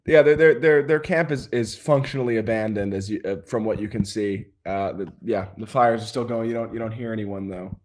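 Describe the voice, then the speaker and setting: A man's voice: on the low side, steady tone, fairly quick, hardly any pauses, darkish tone. A man narrating as game master, rambling with many fillers and laughs. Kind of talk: improvised tabletop game narration.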